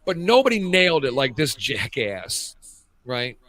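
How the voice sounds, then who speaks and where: A man's voice: medium pitch, measured pace. A man in his fifties co-hosting a talk show, telling crude stories in casual chat over a cheap headset. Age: 50s. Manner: animated storytelling, crude jokes. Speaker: radio show co-host.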